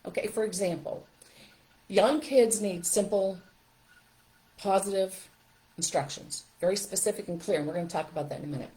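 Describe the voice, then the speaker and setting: A middle-aged woman giving an emphatic, animated parenting talk on a live stream, speaking straight to parents. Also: mid-range voice, normal speed, pauses often, poor audio. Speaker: parenting coach.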